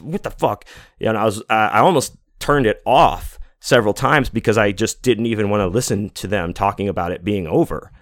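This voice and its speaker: Deep-ish guy in his 40s rambling on his podcast, lots of you know and like, dead dry mic. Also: fairly quick, few pauses, dry recording. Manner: rambling, profane, many restarts and fillers. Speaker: podcast host. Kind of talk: casual monologue.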